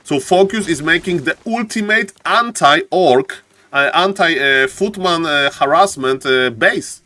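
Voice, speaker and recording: Guy casting a strategy game live, hyped, keeps saying ladies and gentlemen, bit high voiced. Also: measured pace. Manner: excitable, repeats phrases, often says "ladies and gentlemen". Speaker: esports caster.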